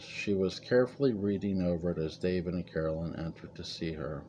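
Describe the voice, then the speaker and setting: A man narrating a gothic family story in a measured, dramatic reading. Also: deep voice, fairly even intonation, dark tone, muffled recording, a little hiss or hum.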